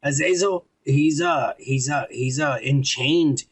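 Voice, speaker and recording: Podcast co-host, male, fairly high raspy voice with fry, loose and profane. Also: slow pace. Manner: swears a lot, reads viewer comments aloud. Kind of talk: casual drunk podcast banter.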